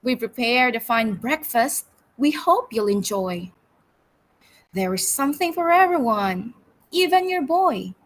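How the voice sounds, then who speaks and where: A woman's voice: on the high side, expressive, unhurried, poor audio. A woman reading aloud as a proud, generous mandarin host, speaking in a grand, welcoming way.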